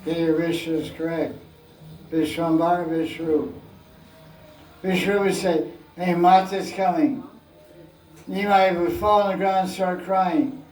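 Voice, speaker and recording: A man's voice: fairly high pitch, steady tone, measured pace, long pauses, a little mellow. A man giving a scripture class as spiritual teacher, telling stories playfully and acting out scenes, recorded from a distance in an echoey room.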